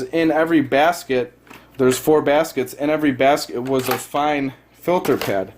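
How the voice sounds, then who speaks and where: A man talks through a setup at home in a casual demo, recorded on a phone he holds in one hand. His voice sits in a mid range and he rambles with fillers and quick corrections. A faint hiss runs under the recording. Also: medium pitch. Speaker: product reviewer. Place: at home beside a fish tank. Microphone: handheld phone.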